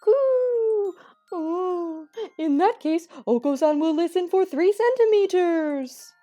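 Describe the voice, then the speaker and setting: A woman voicing a pompous pigeon who thinks he is the god of pudding, squawking and shouting bombastic proclamations. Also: lively intonation, slow pace, faint music behind, heavily acted. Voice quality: shrill cooing squawks.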